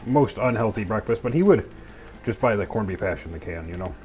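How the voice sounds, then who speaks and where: In his home kitchen, a man narrates each cooking step in a goofy, chatty style packed with playful sound words. His lowish voice is expressive, fairly quick, and a little mellow. Music plays clearly beneath him, along with the clatter of pans.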